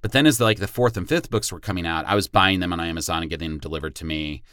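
A man in his forties, a podcast guest telling stories in a relaxed way with easy laughs. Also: sits low, racing, clear, resonant tone, no echo, clean studio sound. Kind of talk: casual podcast chat.

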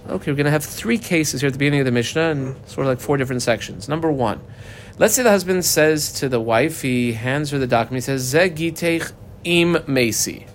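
Over slight background noise, a man with a mid-range voice leads a daily Talmud class. He reads Aramaic phrases and explains the text line by line in English, speaking fast and using fillers.

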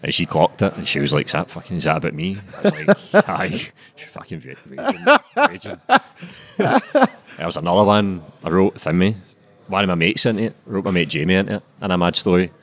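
A young Scottish man with a Glaswegian accent, talking as a guest author in a casual, sweary, animated way. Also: low voice, a little fast. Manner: sweary, laughing, animated storytelling. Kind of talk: casual interview chat.

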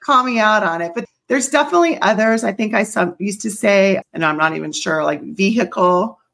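A woman's voice: mid-range voice, animated, a little fast, creaky, fairly bright tone. A middle-aged woman from the American South with only a faint Southern accent, chatting as a guest in an interview, upbeat and full of fillers. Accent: slight Southern US. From US South (South Carolina). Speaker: guest, company CEO. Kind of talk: casual interview talk.

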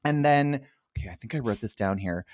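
A man co-hosting a podcast, chatting casually about an old film, animated and profane, retelling scenes with mocking impressions. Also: medium pitch, fairly quick, no room sound, studio quality. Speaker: podcast co-host.

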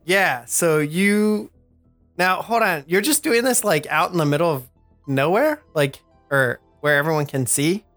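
A man's voice: fairly high pitch, a little slow, a bit bright, no echo, faint music behind. A man running a tabletop game as game master, rambling with many fillers. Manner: rambling, lots of "like" and "you know".

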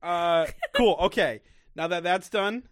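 A man's voice: high-pitched, unhurried, no room sound, clean studio sound. A young man co-hosting a podcast, chatting bluntly and jokingly, with frequent swearing. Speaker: podcast co-host. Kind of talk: casual recap chat.

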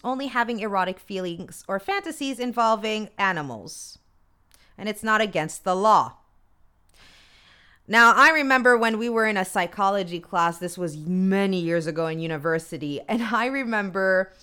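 A woman's voice: mid-range voice, pushed and bright. A woman hosting a casual talk show, reading from a list in a candid, chatty way with wry asides and free swearing. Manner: candid, chatty, swears freely, comments wryly as she reads. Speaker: podcast host.

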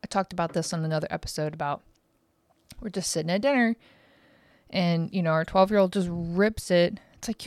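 A thirtysomething podcast host talks freely through a casual monologue, blunt and quick to curse. She has a smooth, clear, low voice, and the recording is dry and close-miked, with no surrounding room.

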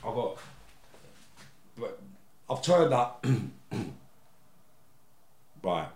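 A man, a guest telling blunt, animated stories in a casual interview and swearing freely. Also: mid-range voice, drawn-out words, breathy edge.

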